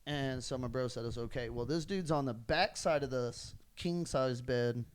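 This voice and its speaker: A man's voice: medium pitch, moderate pace, smooth. A man telling a story in casual podcast chat, acting out the quoted lines with animation.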